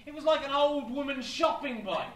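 A man doing live stand-up, telling an absurd story in a deadpan way with wry asides. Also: very high-pitched, moderate pace. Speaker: stand-up comedian. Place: comedy venue with live audience. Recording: echoey club, distant mic, audience.

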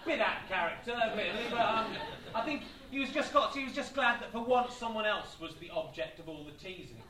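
A man doing live stand-up, telling an absurd story in a deadpan way with wry asides. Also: high voice, fairly quick, heavy background noise. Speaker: stand-up comedian. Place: comedy venue with live audience. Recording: echoey club, distant mic, audience.

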